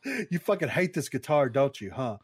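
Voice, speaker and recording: A man's voice: medium pitch, sing-song, a little fast, husky, no room sound, clean studio sound. A man doing a comic impression of a profane, hot-tempered male film director who taunts and curses at the people on his set. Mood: mocking rant. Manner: taunting, cursing, laughing through lines.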